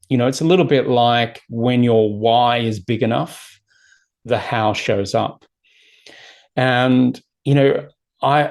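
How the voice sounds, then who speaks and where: This is a man speaking as a guest coach in an interview. His voice is gravelly, and he has a middle-range pitch. He talks in an emphatic, motivational way and stacks up repeated phrases. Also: a little mellow. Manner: emphatic, repetitive lists. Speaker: guest, personal development coach.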